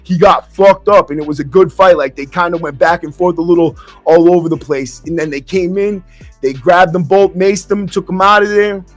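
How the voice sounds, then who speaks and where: A man with a high voice speaks in a dry, close sound, telling stories in a blunt, streetwise way. He talks casually, throws in "bro" often, and restarts his sentences as he goes. Soft acoustic guitar plays faintly behind him. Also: fairly quick, few pauses, dry recording. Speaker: podcast host and former prisoner. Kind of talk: casual storytelling monologue. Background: faint acoustic guitar music.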